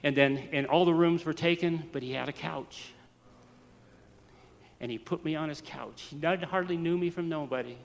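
A man from the United States preaching a storytelling sermon, swinging from soft to loud. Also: fairly high pitch, moderate pace, creaky, in a large hall. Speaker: pastor.

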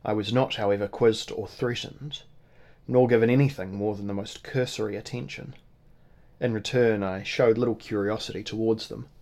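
Low-voiced man narrating formally. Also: fairly even intonation, moderate pace, darkish tone. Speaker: audiobook narrator. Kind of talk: scripted first-person narration.

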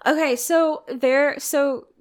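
A young woman co-hosts a casual chat, reacting to a movie with lively, expletive-laced disbelief. Her voice sits a little high. She talks with plenty of energy and drops into silly voices for the characters. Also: takes it slowly. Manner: animated, swearing, mimics characters in silly voices. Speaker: podcast co-host.

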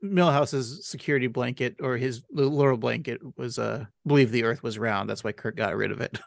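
Podcast co-host, male, gravelly and rambling, recorded dry. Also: medium pitch, fairly quick, dry recording. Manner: rambling, laughs often. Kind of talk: casual chat and episode recap.

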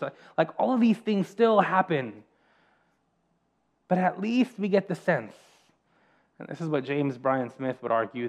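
A man preaching a sermon as a pastor, earnest and slowing down to repeat key phrases for emphasis. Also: fairly high pitch, a little mellow.

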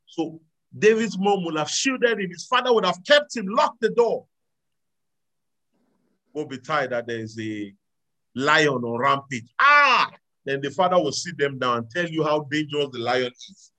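A man preaching a sermon to a live audience, animated, swinging between loud exclamations and quiet asides. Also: on the high side, low-quality recording. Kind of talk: sermon with audience call-and-response.

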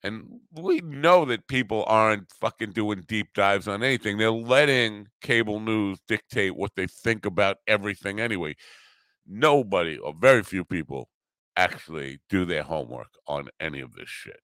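A man's voice: lowish voice, normal speed, a bit bright, dry recording. A man hosting a podcast, delivering a profane, sarcastic, opinionated monologue. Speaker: podcast host.

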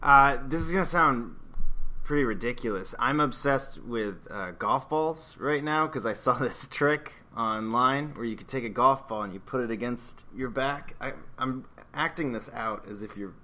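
Male guest in his thirties, fumbling and chatty, bright voice at middling pitch. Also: normal speed. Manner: rambling, self-conscious, hesitant. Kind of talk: casual chat.

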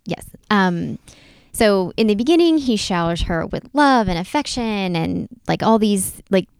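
Woman chatting on a podcast, lots of likes and ums, smooth voice. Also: medium pitch, lively intonation, unhurried, dry recording. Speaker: podcast co-host. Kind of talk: casual chat.

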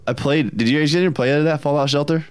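A man's voice: a little high, quick pace, clean tone. A man co-hosting a gaming podcast, chatting casually and animatedly, often laughing. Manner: animated, laughing, putting on silly voices in anecdotes. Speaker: podcast co-host.

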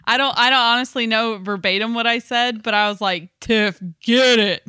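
A woman's voice: on the high side, fairly quick, bright, forceful tone, clean tone, no room sound, studio quality. A woman co-hosting a casual chat, wry and teasing, casting herself as the more conservative friend. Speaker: podcast co-host.

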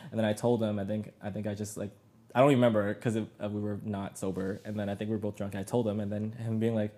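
A man's voice: fairly low pitch, flat delivery, fast talker, dark tone. A man in his thirties, a podcast guest telling his story in a rambling casual chat full of fillers and restarts.

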